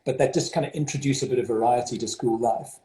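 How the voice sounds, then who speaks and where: Fast-talking and mellow, with a medium-pitched voice, a South African headmaster is interviewed over video call. He has a South African accent and is hesitant, leaning on many fillers and restarts. Echo fills the room.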